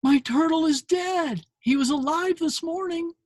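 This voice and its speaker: A man voicing a little girl crying over her dead turtle, in a high wailing voice. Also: measured pace, no room sound, studio quality, far from the mic. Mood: distraught.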